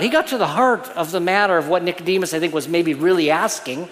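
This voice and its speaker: In a church sanctuary, a male pastor delivers a sermon earnestly and explanatorily, often backing up to restart phrases as he works through his point. His voice is slightly high for a man, he speaks fairly quickly with hardly any pauses, and the hall's long reverb surrounds him.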